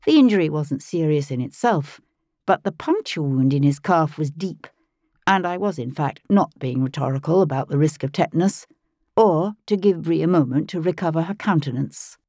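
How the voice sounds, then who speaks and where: A woman narrating a first-person audiobook in a calm, measured storytelling manner, close to the mic. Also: sits low, no echo.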